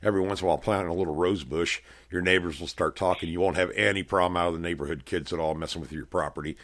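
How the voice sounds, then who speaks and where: Deep-voiced man hosting a chatty show. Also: fairly even intonation, rapid-fire, a bit bright. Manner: rambling, folksy storytelling with laughs. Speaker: podcast host. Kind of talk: casual radio show chat. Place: house room with bare walls.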